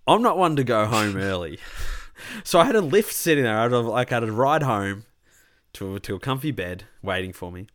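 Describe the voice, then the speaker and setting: A man's voice: medium pitch, big pitch swings, brisk, a bit bright. A young Australian man telling a rambling party story in casual chat, swearing freely.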